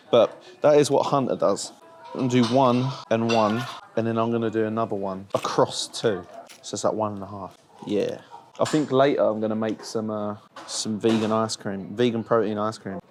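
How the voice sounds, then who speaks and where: British guy in his twenties, low-voiced vlogger, blunt and sweary, faint noise behind. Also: a little mellow. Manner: blunt, swears freely, chatty. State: in stomach pain. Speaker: bodybuilder vlogger. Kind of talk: casual vlog chat.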